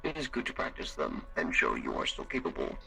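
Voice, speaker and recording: A man voicing a formal augmented alien with servos, speaking in a measured, clipped way in a live role-play. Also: a bass voice, huge pitch swings, vocal fry, bright, forceful tone, breathy edge, exaggerated voice. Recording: distant mic with faint music.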